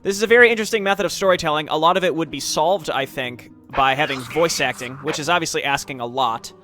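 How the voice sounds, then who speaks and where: Man, let's play commentary, casual, wry, profane, bright tone. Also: a little high, fast, faint music behind. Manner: casual, swears freely, wry asides. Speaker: gaming YouTuber reading game dialogue aloud. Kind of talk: let's play commentary with read-aloud dialogue.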